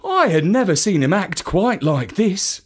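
A woman reading a children's story aloud in an expressive storytelling manner. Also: lowish voice, unhurried, husky.

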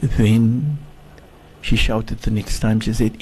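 Sheikh slowly telling a story, husky mellow voice, lots of restarts. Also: male voice, on the low side, steady tone. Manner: slow, halting, with many restarts and repeated words. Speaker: sheikh, guest speaker. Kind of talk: storytelling sermon.

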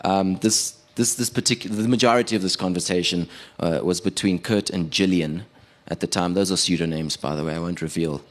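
A man performing a stand-up comedy set as a radio producer, animated, with stumbling restarts. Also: sits low, a little fast, hardly any pauses.

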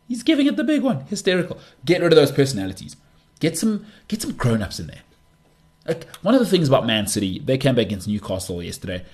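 Animated ranting male sports host. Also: mid-range voice. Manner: emphatic and exasperated, repeats words for stress. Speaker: podcast host. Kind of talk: solo sports talk rant.

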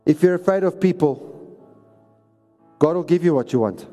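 A man's voice: fairly high pitch, expressive, normal speed, dark tone, soft background music. A man preaching a sermon, exhorting and repeating lines for emphasis. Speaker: pastor. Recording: reverberant hall recording.

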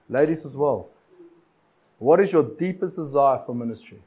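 A man preaching a sermon, urging his listeners with repeated phrases and dramatic pauses. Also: medium pitch, animated, mellow, husky, rough recording. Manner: exhortative, repetitive cadence with dramatic pauses.

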